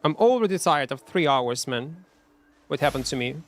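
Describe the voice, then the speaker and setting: A man's voice: a little high, animated, moderate pace. A man streaming a game, chatting casually and mocking himself, answering chat and humming between plays, in non-native English. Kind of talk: casual live-stream chat while playing.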